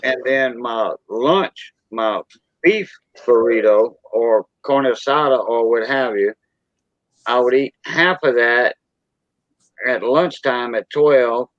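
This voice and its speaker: A man's voice: medium pitch, takes it slowly, dry recording, highs cut off. A man with a South Louisiana Cajun accent hosting a casual live stream chat, rambling along with plenty of "you know" fillers. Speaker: stream host.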